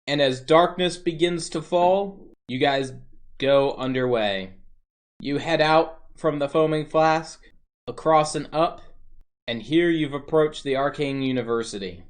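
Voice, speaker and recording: A man's voice: fairly high pitch, unhurried. A man running and narrating a tabletop fantasy role-play game as game master, talking casually and thinking aloud.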